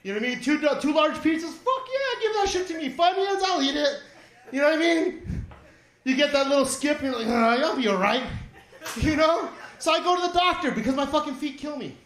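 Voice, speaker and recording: Stand-up comic, man in his forties, very high voice, profane rambling delivery, echoey studio room. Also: expressive, brisk, a bit bright. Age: 40s. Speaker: stand-up comedian. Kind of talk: stand-up set. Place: small comedy studio stage.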